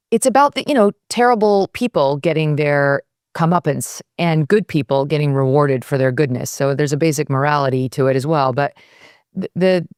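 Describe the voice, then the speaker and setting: A woman's voice: sits low, no room sound, clean studio sound. A woman in her fifties chatting animatedly as a guest in an interview. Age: 50s. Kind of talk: casual interview chat.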